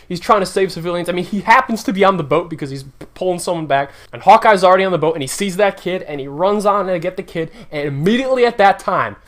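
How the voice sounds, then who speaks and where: High-voiced man ranting about movies. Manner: blunt, opinionated, ranting; animated, swings up and down in pitch when worked up. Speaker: movie reviewer. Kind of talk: casual opinionated movie countdown.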